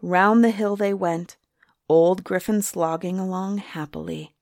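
A woman storyteller reading a storybook aloud in an expressive, gently animated way. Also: fairly low pitch, measured pace, gravelly, no room sound, clean studio sound.

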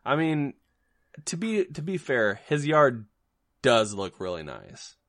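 A man's voice: mid-range voice, very animated, slow pace, a bit bright, dry recording. Joking man, dry close sound. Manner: loose, joking, many restarts and fillers. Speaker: podcast co-host. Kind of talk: casual chat.

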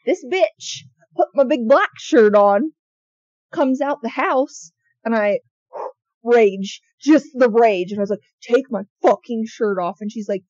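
A woman's voice: fairly high pitch, takes it slowly, a little mellow, no echo, muffled recording. A young adult woman co-hosting a casual podcast chat, bluntly telling stories and swearing freely. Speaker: podcast co-host.

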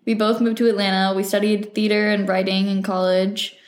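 A woman's voice: mid-range voice, level tone, brisk. A woman in her twenties co-hosting a casual podcast, teasing and laughing often. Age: 20s. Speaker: podcast co-host. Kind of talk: casual chat. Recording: roomy echo.

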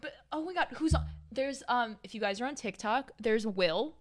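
A woman's voice: on the high side, expressive, moderate pace. A young woman co-hosting a casual podcast, gossiping and laughing often. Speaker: podcast co-host. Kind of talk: casual chat.

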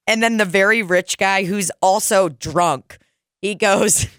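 A woman's voice: mid-range voice, measured pace, fairly bright tone, clean tone, no room sound. Give me a joking, foul-mouthed young woman telling stories, dry close sound. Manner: profane, jokey storyteller. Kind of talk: casual storytelling chat.

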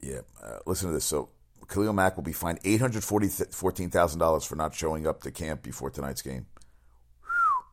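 A man's voice: extremely low pitch, a little fast. A middle-aged man hosting casual sports talk, rambling and swearing as he tells stories and reacts to the news. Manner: rambling, profane, animated storytelling. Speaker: sports talk show host.

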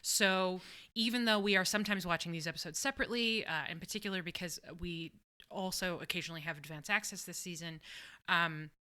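Podcast cohost lady, bright crisp voice, jokey but careful when explaining stuff. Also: lowish voice, a little fast. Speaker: podcast co-host. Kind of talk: casual recap chat.

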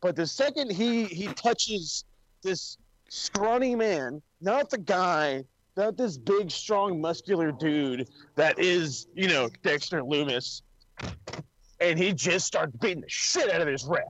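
A man co-hosting a podcast in casual chat, rambling, swearing freely and getting excited. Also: sits high, takes it slowly, low-quality recording. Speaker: podcast co-host.

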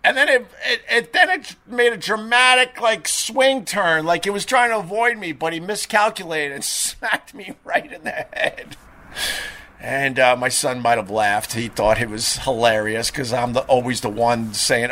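A middle-aged man with a bright, forceful voice pitched a bit high, hosting a live stream. He tells chatty, rambling anecdotes, full of "uh"s and restarts. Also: moderate pace. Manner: chatty, animated anecdotes with frequent fillers and restarts. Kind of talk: casual rambling storytelling.

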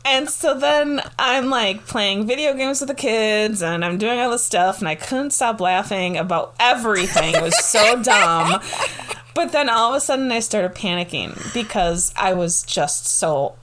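A woman in her thirties telling a story in casual chat, animated and giggly, swearing freely. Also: mid-range voice, normal speed, few pauses, background noise.

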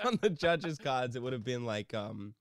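A man's voice: mid-range voice, unhurried, no room sound, clean studio sound. Laughing, swearing podcast co-host, a man. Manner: animated, swears freely, laughs often. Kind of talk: casual storytelling chat.

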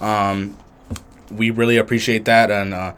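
A man's voice: on the low side, level tone, unhurried, fairly bright tone, clean tone. A young man from Southern California co-hosting a podcast, in loose, profane, joking banter. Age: young adult. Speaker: podcast co-host. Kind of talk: casual podcast chat.

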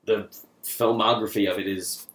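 A man's voice: lowish voice, fairly even intonation, moderate pace, a bit bright. A man co-hosting a casual podcast, mocking a TV show and swearing a lot. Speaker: podcast co-host. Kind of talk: casual chat. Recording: echoey room with faint noise.

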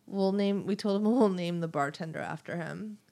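A woman co-hosting a podcast, relaxed and rambling, laughing often between remarks. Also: fairly low pitch, moderate pace. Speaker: podcast co-host. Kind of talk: casual chat.

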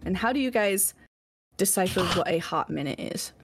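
A young woman co-hosting a casual podcast chat, blunt and teasing, animated when she tells a story. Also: on the low side, moderate pace, background noise. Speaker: podcast co-host.

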